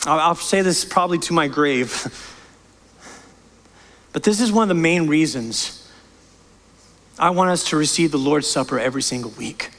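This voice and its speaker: A man's voice: on the high side, moderate pace, pauses often, fairly bright tone, long reverb tail. A man preaching as pastor, impassioned and emphatic, often repeating and restarting words. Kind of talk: sermon. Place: church sanctuary.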